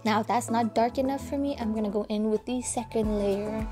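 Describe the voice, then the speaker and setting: A woman giving a chatty nail-art tutorial voice-over, talking casually to viewers and keeping her voice hushed at times. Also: on the high side, fairly even intonation, normal speed, over music. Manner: soft, hushed and breathy at times, keeping quiet for a sleeping child; chatty and informal, addressing viewers as "guys". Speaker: nail educator.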